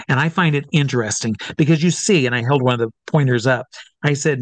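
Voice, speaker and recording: A man working as a stage hypnotist, telling anecdotes in an interview in an animated way and acting out what others said. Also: mid-range voice, fast talker, dry recording. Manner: animated, acts out quotes of others. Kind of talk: storytelling in a conversational interview.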